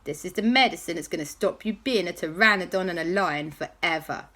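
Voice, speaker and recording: A woman voicing a brisk, caring aunt in a bedtime story. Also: fairly low pitch, bright, forceful tone. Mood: coaxing. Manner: brisk and motherly. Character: cheerful bossy aunt, caring and relieved.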